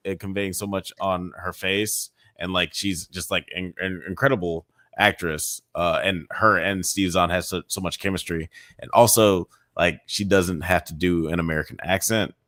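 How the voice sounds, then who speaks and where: Low-voiced laid-back podcast man. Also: normal speed, few pauses, dry recording, studio quality. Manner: relaxed, laughs often, lots of fillers. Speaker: podcast co-host. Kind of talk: casual chat.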